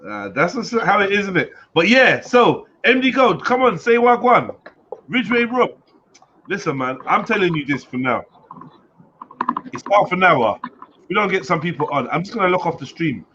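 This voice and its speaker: A man's voice: on the high side, sing-song, normal speed. A man hosting a live stream chat, joking around and bantering with guests. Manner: joking, banter-heavy, mimics voices loudly. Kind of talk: casual chat. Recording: dull lo-fi stream audio with faint noise.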